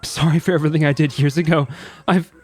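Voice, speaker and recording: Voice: medium pitch, steady tone, fast, darkish tone, faint music behind, voice pushed up, close to an everyday voice. A streamer voicing a nervous young male prisoner in a game, stammering and apologetic. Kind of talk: reading game dialogue aloud.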